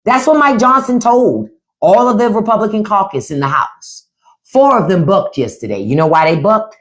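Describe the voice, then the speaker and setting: A woman's voice: medium pitch, expressive, normal speed. A middle-aged woman hosting a livestream of casual political commentary, blunt and profane, often mimicking the people she talks about. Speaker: livestream host.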